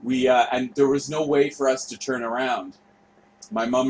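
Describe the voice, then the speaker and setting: A man's voice: medium pitch, moderate pace, a little hiss or hum, low-quality recording. A man, hosting a casual online tour and rambling through a profane story with mumbled asides. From Canada. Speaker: host. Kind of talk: casual chat while touring by map screen.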